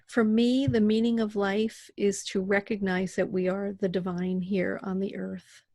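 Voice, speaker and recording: A woman's voice: medium pitch, measured pace, no room sound. A middle-aged woman, a podcast guest, talking casually and animatedly about spirituality and raising her children. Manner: animated storyteller who acts out voices.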